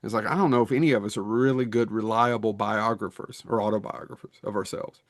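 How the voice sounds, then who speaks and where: A man's voice: lowish voice, fairly even intonation, quick pace, no echo. Rambling middle-aged man, dry room. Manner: rambling, self-deprecating, trails off and restarts. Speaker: podcast co-host. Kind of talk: casual chat.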